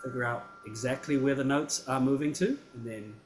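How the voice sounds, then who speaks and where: A male piano teacher with an even, mid-range voice, giving patient feedback after a student's performance. He talks in a friendly, encouraging way and keeps checking that the student follows him. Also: mid-range voice, a little fast. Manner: encouraging, checks understanding with "right?" and "yeah?".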